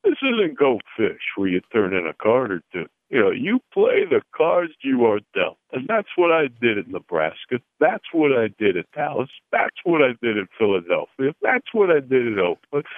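A man's voice: mid-range voice, no echo. A man playing a rambling, self-praising middle-aged male football coach who talks in folksy card-game analogies, heard over a phone line. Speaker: caller doing a comedy impression. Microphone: telephone.

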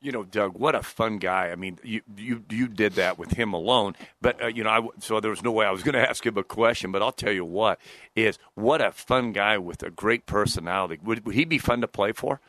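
A man's voice: lowish voice, a little fast, fairly bright tone, no room sound. A man co-hosting a sports radio show in a rambling, folksy way, full of "you know"s. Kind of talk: casual sports radio chat.

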